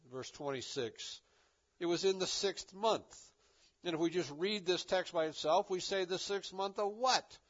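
A man's voice: on the high side, muffled recording. Man preaching in a casual, conversational way. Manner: conversational preaching with frequent "kinda" and restarts. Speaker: pastor. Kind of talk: expository sermon.

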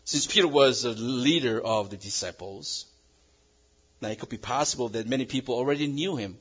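A male pastor preaching a sermon in English that is not his first language, swinging between loud emphasis and a quiet hush. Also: mid-range voice, moderate pace, husky, muffled recording. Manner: non-native English phrasing.

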